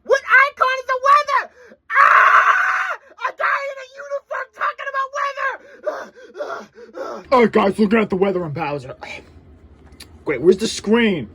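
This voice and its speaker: A woman's voice: sits high, normal speed, pushed and bright, shouting. A woman voicing a shrieky, childish comedy character who whines and panics about snacks and gadgets. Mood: frantic whiny. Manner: screeching, whiny, panicky outbursts.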